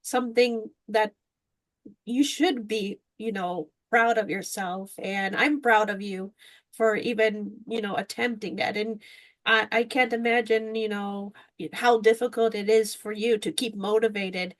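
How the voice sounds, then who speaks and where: A woman's voice: mid-range voice, steady tone, unhurried. A woman hosting a podcast interview, encouraging her guest and laughing often. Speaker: podcast host. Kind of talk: interview chat.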